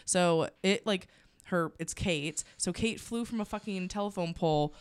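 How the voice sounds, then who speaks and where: A woman's voice: lowish voice, moderate pace, clear, resonant tone. A woman co-hosting a casual talk show who reacts with strong emotion and swears casually. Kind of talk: casual chat.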